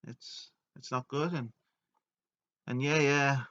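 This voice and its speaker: A man's voice: mid-range voice, steady tone, takes it slowly, a bit bright, highs cut off. A man telling a comedic story, joking along and putting on silly voices for the people he quotes. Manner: jokey, puts on silly voices for quoted characters. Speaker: video narrator.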